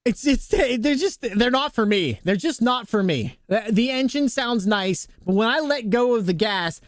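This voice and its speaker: A man's voice: very high-pitched, lively intonation, moderate pace, hardly any pauses, fairly bright tone, no room sound, studio quality. A young man livestreaming a game, ranting emphatically in casual slang to his chat. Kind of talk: casual gaming stream chat.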